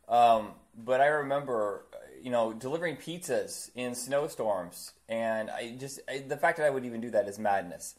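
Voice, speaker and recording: A man's voice: mid-range voice, normal speed, hardly any pauses. A man from Indiana with an Indiana accent, co-hosting a casual chat and telling blunt, profane stories. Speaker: podcast co-host.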